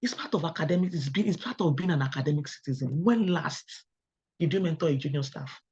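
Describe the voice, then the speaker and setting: A middle-aged Nigerian woman giving a webinar talk, firing rhetorical questions at the audience and telling lively personal stories. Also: low voice, fast, slightly rough. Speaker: academic webinar speaker. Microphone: video call. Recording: dull lo-fi online call audio.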